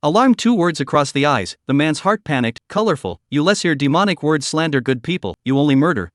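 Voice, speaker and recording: A man narrating a manhwa recap story in a flat, stilted reading of a rough translation. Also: fairly high pitch, fairly quick, hardly any pauses, no room sound, studio quality.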